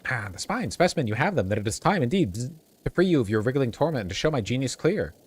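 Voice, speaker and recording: A man's voice: mid-range voice, sing-song, fast talker, slight background noise, lightly acted. Man putting on a pompous buzzing bug doctor lady. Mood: grandiose. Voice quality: buzzing, theatrical. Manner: pompous, self-praising. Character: eccentric, grandiose female bug doctor.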